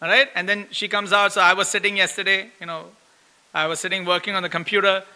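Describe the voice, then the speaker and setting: In a temple hall with long, echoing reverb, a middle-aged male preacher leads a scripture class with a lively sermon. His voice sits high and moves fast as he tells stories, acts out the complaints he quotes, laughs often, and keeps asking his listeners "right?"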